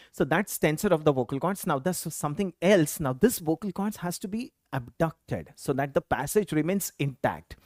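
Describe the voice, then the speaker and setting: Lecturer drilling exam facts: animated intonation, quizzes then answers, dry recording. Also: medium pitch, no echo. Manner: quizzes students with questions and answers them himself; repeats key terms for emphasis. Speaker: teacher. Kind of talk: exam-prep anatomy lecture.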